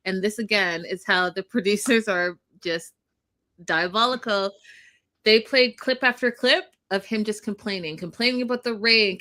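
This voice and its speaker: A woman's voice: mid-range voice, sharp tone. A woman co-hosting a casual recap chat, talking in a blunt, emphatic way and swearing freely. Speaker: podcast co-host.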